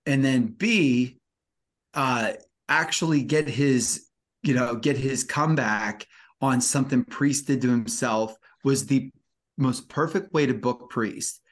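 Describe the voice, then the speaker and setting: A man co-hosting a wrestling podcast, talking in an excited, rambling way with many fillers. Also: mid-range voice, slow pace. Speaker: podcast co-host. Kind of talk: casual wrestling review chat.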